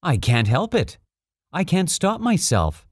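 A man voicing a small, timid boy prince in a storybook reading, speaking softly and earnestly. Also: on the high side, sing-song, unhurried, no echo, clean studio sound, voice pushed up. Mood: embarrassed.

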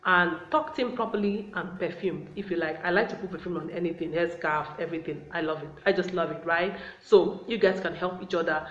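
A woman giving relationship advice to the camera in a casual, chatty way, often calling her viewers guys. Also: lowish voice. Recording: roomy, slightly dull sound.

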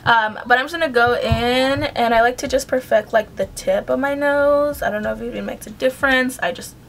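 A woman's voice: on the high side, a little fast, fairly bright tone, a little hiss or hum. A young woman chatting casually at home through a makeup tutorial, rambling with frequent "like" and "um". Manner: chatty, rambling, uses "like" and "um" often. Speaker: beauty vlogger.

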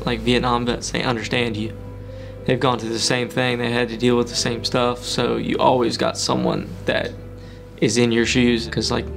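A veteran speaks earnestly for an oral history interview. His voice is gravelly and stays flat and level. Music plays clearly beneath him. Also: mid-range voice.

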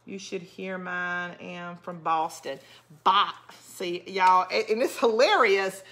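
A woman's voice: lowish voice, slow, a bit bright. A middle-aged woman with a South Georgia accent, chatting casually with viewers while she crafts and answers their comments. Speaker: craft channel host. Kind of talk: casual live craft chat.

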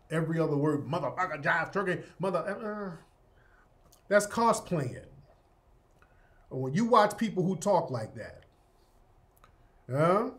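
A male host giving opinionated commentary, sardonic and emphatic, often tagging his points with "yeah?". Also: fairly high pitch.

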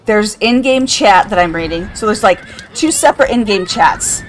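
A woman's voice: mid-range voice, lively intonation, normal speed, faint music behind. An older woman streaming a game, chatting casually, reading out chat and laughing often. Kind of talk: casual live-stream chat while gaming.

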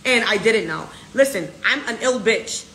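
A woman's voice: a little high, lively intonation, moderate pace, bright, forceful tone, reverberant. Brash, profane American woman ranting. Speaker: social media personality. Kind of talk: ranting live video.

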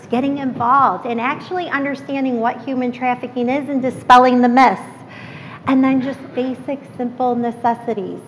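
A woman with a somewhat high voice delivers a keynote to a live audience. She is earnest and emphatic, pausing to ask the room questions. The sound carries a long hall reverb with faint background noise. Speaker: keynote speaker.

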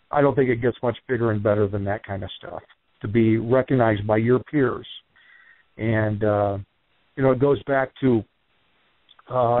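A man's voice: medium pitch, dry recording. Guy rambling on a phone call, lots of uh's, thin tinny line, pretty dry sound. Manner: rambling, lots of fillers, animated storytelling. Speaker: wrestling trainer and author, guest. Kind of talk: casual radio interview over the phone.

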